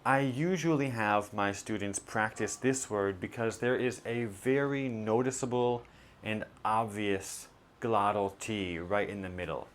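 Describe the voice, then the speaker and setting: A man teaching a pronunciation lesson, modeling sounds slowly and deliberately. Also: fairly low pitch, a little hiss or hum.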